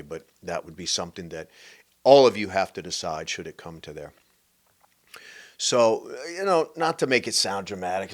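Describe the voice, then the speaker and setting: Deep-voiced man telling his own story. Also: a bit bright. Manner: candid, conversational, emphatic, many fillers and restarts. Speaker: host. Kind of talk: personal storytelling monologue.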